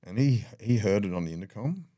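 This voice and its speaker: A man's voice: on the low side, expressive, fairly quick, mellow, dry recording, studio quality. An older Australian man telling his story in a blunt, profane way, often acting out what others said. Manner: blunt, swears freely, acts out dialogue. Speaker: podcast guest. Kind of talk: candid storytelling.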